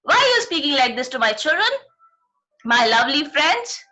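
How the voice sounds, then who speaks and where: A woman's voice: high-pitched, sing-song, moderate pace, sharp tone, exaggerated voice. A woman voicing an angry little pet cat. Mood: indignant.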